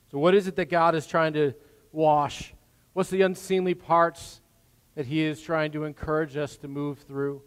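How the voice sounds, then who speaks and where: A man preaching a sermon as pastor, swinging from hushed, gentle passages to loud, emphatic lines. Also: on the high side, fairly even intonation, moderate pace, smooth. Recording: long hall reverb.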